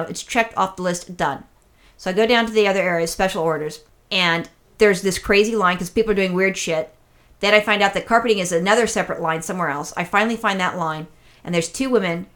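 A woman's voice: lowish voice, fairly bright tone. A woman telling a long, rambling, exasperated story in casual chat, swearing freely. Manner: acts out other people's voices in quotes.

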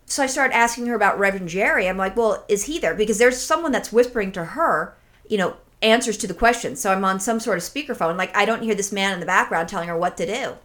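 A woman's voice: medium pitch, fast talker. A woman co-hosting a casual podcast, telling a story with lots of energy, swearing freely and acting out the people in it. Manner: animated storyteller, swears freely, mimics callers. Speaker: podcast co-host.

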